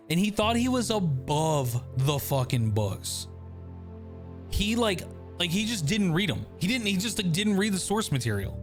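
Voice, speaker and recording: A man's voice: sits high, sing-song, normal speed, faint music behind. A man streaming a game, chatting casually and rambling off on tangents with plenty of swearing. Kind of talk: casual gaming commentary.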